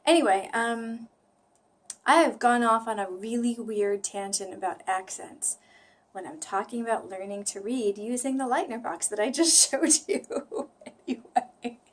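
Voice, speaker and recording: A woman with a flat General American accent, rambling chattily to camera in a self-deprecating way and sometimes dropping into a whisper. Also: on the high side, normal speed. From United States. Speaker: language-learning vlogger. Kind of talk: casual talk to camera.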